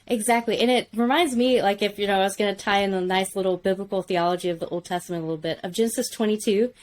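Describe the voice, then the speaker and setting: A woman's voice: mid-range voice, fast talker. A woman co-hosting a conversational Bible lesson, explaining in an engaged, casual way. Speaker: co-host, teacher.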